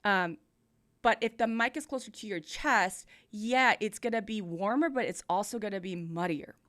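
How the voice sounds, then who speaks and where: A woman's voice: medium pitch, moderate pace, fairly bright tone. A woman hosting a music review livestream, giving casual, explanatory feedback on vocals and mic technique into a studio mic. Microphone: studio mic, moved near and far.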